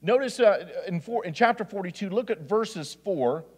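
A man with a high voice delivers a sermon as assistant pastor, reading scripture and stumbling into restarts and asides. He is recorded in a church sanctuary with a long reverb trailing his words. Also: lively intonation, moderate pace, husky. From Indiana.

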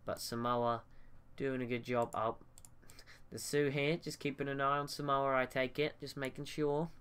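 Casting: man, mid-pitched and clear, casual game commentary, hesitant restarts, desk mic at home. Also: flat delivery, moderate pace, a bit bright. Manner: thinking aloud, hesitant with restarts. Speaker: gaming YouTuber.

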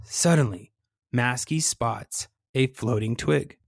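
Recorded close and dry with no room sound, this storyteller reads to children in a mid-range voice. The delivery is gentle, expressive, slow, and deliberate, dwelling on the sound words.

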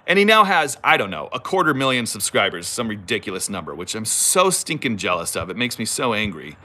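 A man's voice: fairly low pitch, sing-song, brisk, sharp tone. A middle-aged man hosting a casual live stream, rambling and teasing himself as he reads viewer comments aloud. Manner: chatty and self-teasing, rambling asides.

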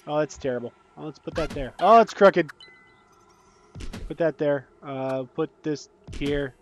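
A young man giving casual, excitable commentary while playing a game, breaking into panicky outbursts and joking about his own skill. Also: fairly high pitch, measured pace. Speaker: gaming YouTuber.

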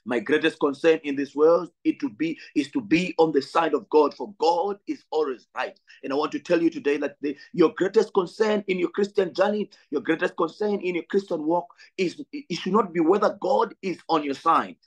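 A man's voice: a little high, moderate pace, hardly any pauses, low-quality recording. A man from Zambia, a pastor preaching a sermon with a repetitive, building delivery and direct appeals to his brothers and sisters.

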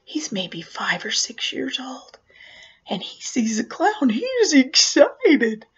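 Slow husky woman telling a story. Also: fairly high pitch, muffled recording. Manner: animated, acts out voices and drops to whispers. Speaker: professional clown telling a memoir story. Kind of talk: personal storytelling.

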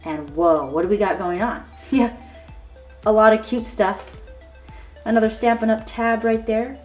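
A woman's voice: on the high side, steady tone, unhurried. Gushing, chatty woman tutorial host. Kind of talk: casual show-and-tell demonstration. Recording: slightly distant mic with faint background music.

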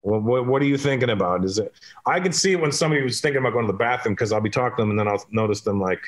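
A comedian from Canada chats as a podcast guest, telling lively stories. He acts out each exchange, switching between his own lines and other people's. His voice sits at an ordinary middle pitch for a man. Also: very fast. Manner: animated, acting out dialogue in his stories. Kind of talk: casual chat and storytelling.

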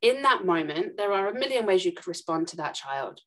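Brisk woman explaining on a podcast. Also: on the low side, big pitch swings, fairly bright tone. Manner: fast, emphatic explaining with acted examples. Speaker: podcast guest, trauma expert.

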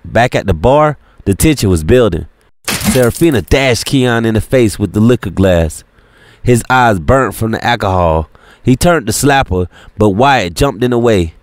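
A man's voice: on the low side, lively intonation, moderate pace, no room sound. Man reading an audiobook, dry sound. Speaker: audiobook narrator. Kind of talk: scripted narration.

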